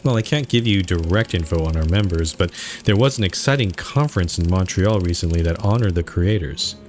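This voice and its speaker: Man reading a brisk, polite woman administrator, low-voiced, game dialogue. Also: expressive, a little mellow, faint music behind. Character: woman, senior dental office administrator, polite.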